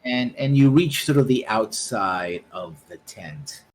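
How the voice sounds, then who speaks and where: A man's voice: lowish voice, animated, takes it slowly, a little hiss or hum, rough recording. A man running a tabletop game, describing scenes in a rambling way with many restarts. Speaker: game master.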